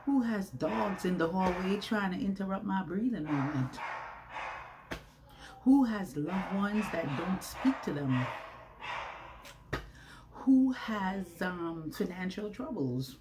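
At home, a vlogger speaks to her viewers in a casual monologue, chatty and preachy, posing rhetorical questions to a camera with a ring light. Her medium-pitched voice has lively intonation, a slow pace and frequent pauses, with noise in the background.

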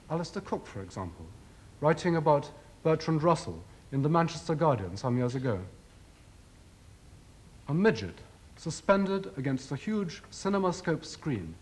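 Male lecturer, formal talk, expressive pitch, pointed ironic stress. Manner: measured, rhetorical, ironic emphasis.

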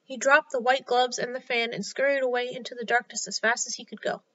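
A woman reads a children's story aloud with clear, expressive delivery. Her voice is high and bright. The recording is a little dull and lo-fi. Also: brisk. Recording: slightly dull lo-fi sound.

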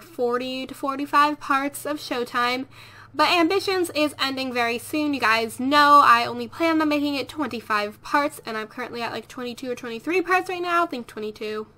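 A woman's voice: high voice, sharp tone. A woman hosting a let's play video, talking casually over her gameplay in a chatty, rambling way and correcting herself as she goes.

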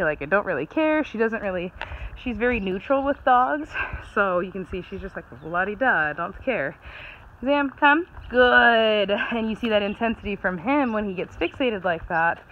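A woman training her dog outdoors, chatting with a laugh between her explanations and breaking off for bright, quick commands and praise. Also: medium pitch, muffled recording, a little hiss or hum. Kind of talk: casual training vlog commentary.

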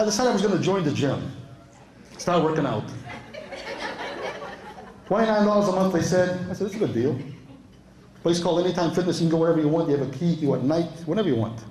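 A man's voice: fairly high pitch, a little mellow, slight background noise. A man doing stand-up at a live club show, telling true stories in a chatty way, laughing at his own lines and quoting people in a raised voice. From Europe. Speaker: stand-up comedian. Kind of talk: stand-up storytelling. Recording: echoey club room.

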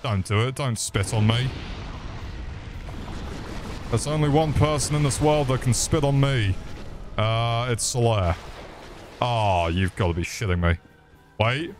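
A man's voice: mid-range voice, unhurried, long pauses, over music. A man giving crude, joking commentary over gameplay, swearing freely and mocking the enemies. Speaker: gaming video creator.

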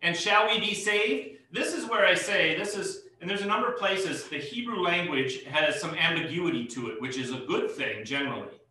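A man's voice: sits high, animated, moderate pace, hardly any pauses, bright, forceful tone, a little hiss or hum. A man pastor leading a Bible study, explaining verses patiently and lifting his voice on key points. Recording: echoey room, mic far off.

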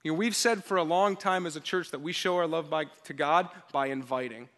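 In a church service, a male pastor preaches a sermon at a brisk pace. His high voice has a sharp, forceful edge, and he's energetic and emphatic as he leads call-and-response with the congregation.

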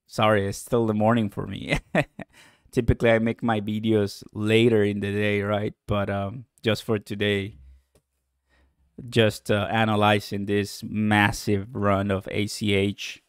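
A man hosting a casual live stream about cryptocurrency from home in the morning, excitable and chatty, laughing often and talking straight to his viewers. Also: fairly low pitch, unhurried, smooth, dry recording, clean studio sound. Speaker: crypto livestream host.

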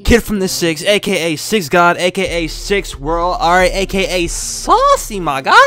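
A young man trash-talks a rival in a boastful, profane YouTube rant. His fairly high voice swings up and down with animated energy, over faint music in the background. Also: unhurried. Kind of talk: trash-talking diss rant.

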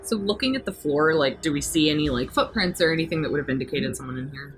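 A woman's voice: low-pitched, lively intonation, quick pace, faint music behind. A woman playing in a tabletop game, asking questions in an inquisitive way and hedging with fillers. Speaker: player. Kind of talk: casual tabletop game chat.

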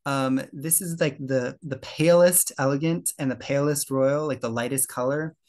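A man's voice: medium pitch, fairly even intonation, moderate pace, a little mellow. A young man giving a casual slide presentation to a birding club, talking loosely with fillers and self-corrections.

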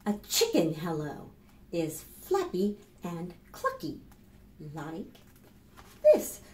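A woman librarian leading a children's storytime, reading aloud in an animated, sing-song way and talking straight to young children. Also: on the low side, slow, echoey room.

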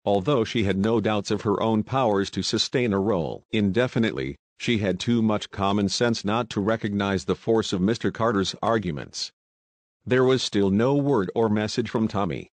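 A man reading an audiobook in a steady, even scripted narration. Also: lowish voice, dry recording.

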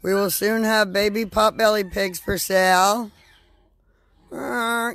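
A woman hosting a live video outdoors on a farm, talking slowly and coaxingly to her animals. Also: medium pitch, steady tone, a bit bright. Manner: slow, coaxing talk to animals. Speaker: farm host.

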